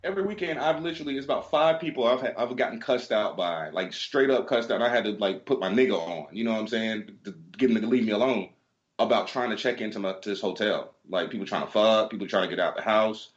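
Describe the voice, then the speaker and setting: A man co-hosting a casual podcast, talking fast and running his stories together with a fairly low voice. He swears freely and acts out both sides of each exchange. The audio is dull and lo-fi. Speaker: podcast co-host. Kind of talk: casual chat, storytelling.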